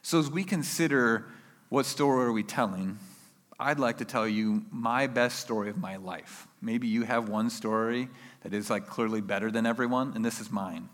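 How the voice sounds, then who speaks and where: A man delivers a sermon as a lively personal story, jumping into loud acted-out shouts. His voice has a bright, forceful edge. The sound carries a long hall reverb. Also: medium pitch, normal speed. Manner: animated storyteller acting out his own yells. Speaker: preacher.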